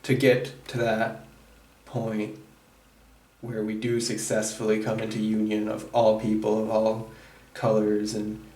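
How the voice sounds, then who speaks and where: A man gives an intuitive tarot reading in a searching, halting way, often breaking off and restarting. His pitch stays fairly level. He sits some distance from the microphone in a roomy, echoing space. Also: completely flat delivery, a little mellow. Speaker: tarot reader. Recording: roomy echo, distant mic.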